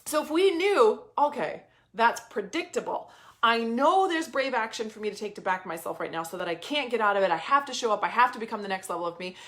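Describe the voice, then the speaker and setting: High-voiced emphatic woman coach. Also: expressive, fairly quick, fairly bright tone. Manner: emphatic, repeats phrases, casual swearing. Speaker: business coach. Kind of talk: motivational talk to camera.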